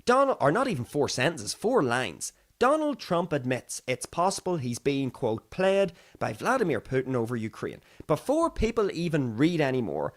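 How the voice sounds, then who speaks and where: A man's voice: a little high, wildly swooping pitch, moderate pace. A young Irish man hosting a podcast, chatting casually and wandering off topic as he talks through the news. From Ireland. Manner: chatty and digressive, acts out other people's voices. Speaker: podcast host. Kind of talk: casual solo commentary.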